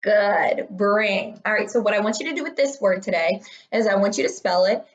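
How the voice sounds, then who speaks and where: A woman's voice: medium pitch, moderate pace, lo-fi sound. A young woman teaching third graders in an upbeat, encouraging recorded online lesson. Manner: upbeat, encouraging, talks to children.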